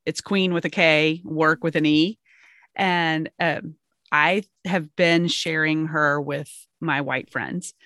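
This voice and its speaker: A woman co-hosting a podcast, talking in a relaxed, chatty way. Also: low voice, slow pace, no echo, clean studio sound. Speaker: podcast co-host. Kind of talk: casual discussion.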